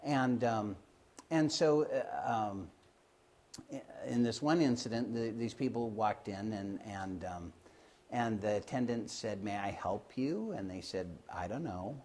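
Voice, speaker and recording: Slow, hesitant man telling a story. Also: fairly low pitch, a little mellow. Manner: hesitant, many fillers and restarts, acts out the quoted voices. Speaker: Christian Science healer telling of his work. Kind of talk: informal storytelling talk.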